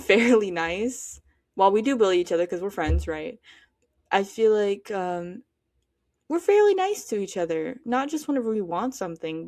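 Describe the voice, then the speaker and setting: A woman's voice: medium pitch, a little mellow, no echo, studio quality. A teenage girl hosting a solo podcast, chatting casually and giving her opinions while she thinks aloud with lots of fillers. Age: teens. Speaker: podcast host.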